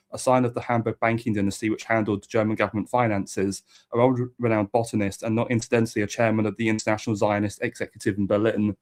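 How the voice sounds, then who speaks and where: Man, host, reading a history text, quick, flat delivery. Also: lowish voice. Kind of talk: reading from a book with asides.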